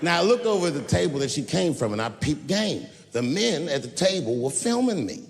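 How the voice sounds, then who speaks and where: A man doing stand-up storytelling, animated and profane, swinging between loud bursts and hushed asides. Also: on the high side, a little fast, creaky, slight background noise, poor audio. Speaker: stand-up comedian.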